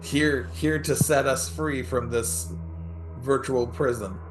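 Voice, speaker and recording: A man voicing a proud young male space adventurer, loud and grand as he announces himself. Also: medium pitch, fairly even intonation, slow pace, over music, natural voice, poor audio. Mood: grandiose.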